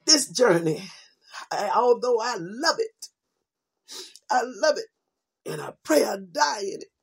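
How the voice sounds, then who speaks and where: A woman's voice: a little high, animated, slow pace, gravelly, pauses often, slightly rough. A woman preacher giving an informal sermon, repeating her lines for emphasis and calling listeners sweetheart and baby.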